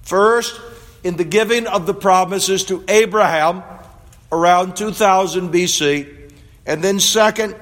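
A man preaching a sermon and reading scripture, with a measured, emphatic delivery. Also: sits high, fairly bright tone. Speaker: pastor. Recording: long reverb of a large hall.

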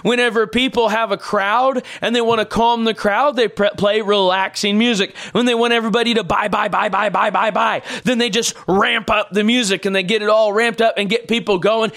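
A man's sermon voice, pitched high for a man. He is in middle age and preaches emphatically. He circles back to his points again and again. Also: fairly bright tone. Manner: emphatic, repetitive preaching with everyday examples.

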